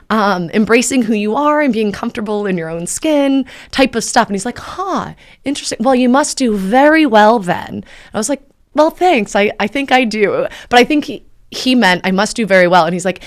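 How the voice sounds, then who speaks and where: A woman in her thirties, a podcast host, telling a story in a casual, chatty way and acting out the people she quotes. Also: smooth. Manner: chatty, animated, acts out quoted dialogue with pitch jumps.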